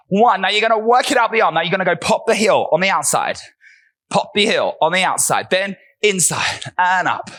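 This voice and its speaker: A man's voice: sits high, bright, forceful tone. A man coaching a barre workout class, counting reps and cueing moves while out of breath, with upbeat encouragement. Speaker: barre fitness instructor.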